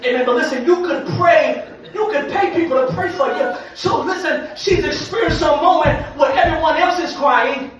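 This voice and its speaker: A man, preaching an impassioned sermon that repeats phrases and swells into shouts. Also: very high-pitched, moderate pace, few pauses, crowd noise. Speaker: pastor. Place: large church sanctuary. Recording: echoey church hall from far off.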